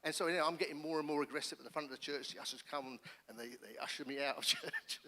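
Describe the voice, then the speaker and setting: A middle-aged man, a pastor, giving his testimony in church with earnest, animated storytelling. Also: on the high side, quick pace. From England. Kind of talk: personal testimony sermon. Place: church hall. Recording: long church hall reverb.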